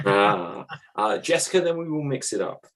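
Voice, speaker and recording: A man's voice: mid-range voice, big pitch swings, a little slow, a bit bright. Host, man, runs a comedy joke round, laughs a lot, calls names. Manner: laughs often, calls on players by name. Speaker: improv game host. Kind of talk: hosting an improv joke game.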